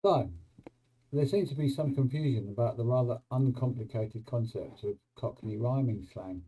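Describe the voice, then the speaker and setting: Guy explaining slang on his channel, wry and chatty, really dark mellow voice. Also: mid-range voice, normal speed, breathy edge, poor audio. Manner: wry, conversational, asks the viewer questions. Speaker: YouTube host explaining slang. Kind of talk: explainer video narration.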